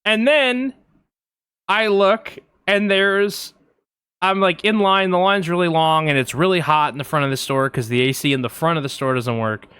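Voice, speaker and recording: A man with a fairly high, smooth and resonant voice tells a rambling story in casual podcast chat. He talks with many fillers and quick asides into a close mic. The sound is dry, with no room around it. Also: bright, forceful tone, no room sound. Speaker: podcast co-host.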